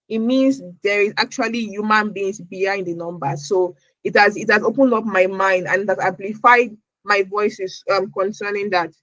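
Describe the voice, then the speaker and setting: A woman's voice: medium pitch, a bit bright, no room sound, lo-fi sound. A woman from Nigeria answering interview questions as a podcast guest, earnest, often repeating words as she searches for her phrasing.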